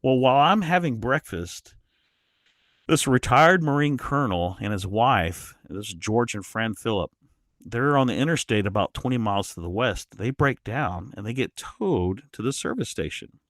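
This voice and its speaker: A man guest on a podcast, telling a travel story in an animated way, often restarting his sentences. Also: mid-range voice, moderate pace, no echo, clean studio sound. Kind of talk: casual storytelling.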